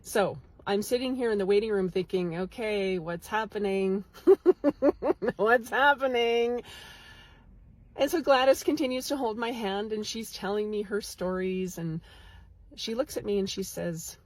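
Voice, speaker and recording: A woman speaks in a casual vlog, telling a story with animated energy from a waiting room. Her voice is a little husky and breathy. The sound is close and dry, recorded on a phone held near her. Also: medium pitch, normal speed, no room sound. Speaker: psychic medium. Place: medical lab waiting room.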